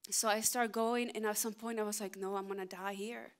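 A middle-aged woman pastor telling a funny personal story in a sermon, animated and self-mocking, with many restarts. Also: medium pitch, brisk.

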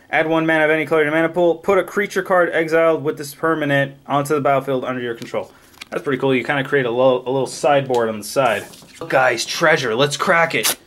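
A man casually opening trading card packs on camera, excitably rattling off card names and cracking jokes. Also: fairly high pitch. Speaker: card pack opening vlogger. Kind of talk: casual card unboxing commentary.

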